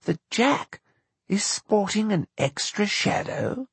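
A man putting on a trembling gentle editor. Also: on the high side, wildly swooping pitch, unhurried, vocal fry, breathy edge, no echo, voice pushed up, exaggerated voice. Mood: earnest. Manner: soft, hesitant, trembling. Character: gentle fretful lanky male editor. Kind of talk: audiobook narration.

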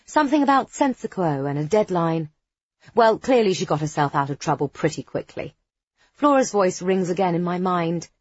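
Woman audiobook narrator, husky, dry and slightly dull recording, expressive first-person reading. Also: on the low side, moderate pace, dry recording.

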